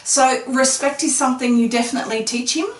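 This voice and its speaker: Higher-voiced woman asking leading questions. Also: steady tone, a little fast. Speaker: interviewer. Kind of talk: casual interview. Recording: echoey room, mic at a distance.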